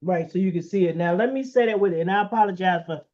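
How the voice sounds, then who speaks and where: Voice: medium pitch, quick pace, a little mellow. An interview host who asks questions and gives encouraging affirmations. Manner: encouraging, frequent backchannel affirmations. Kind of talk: conversational interview. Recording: muffled lo-fi audio.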